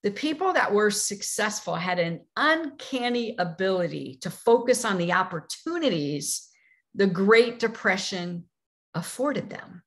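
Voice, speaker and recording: A woman quoting her wise, patient old grandfather as he calmly teaches a lesson in a storytelling talk. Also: mid-range voice, a little slow. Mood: patient, teaching. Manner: calm, questioning, teaching.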